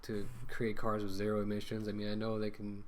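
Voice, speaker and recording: A man's voice: on the low side, monotone, fairly quick, a little hiss or hum. A man ranting casually to camera as a vlogger, rambling with many fillers and restarts, talking through a mask.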